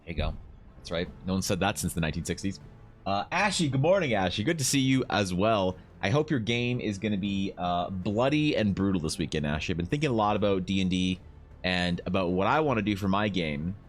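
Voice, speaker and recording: A low-voiced man chatting on a live stream, teasing his viewers and jumping between quiet mutters and excited bursts. Faint music plays under his voice. He sounds close to a desk mic at home. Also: brisk. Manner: joking, teasing chat with swings in pitch. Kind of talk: casual live-stream chat.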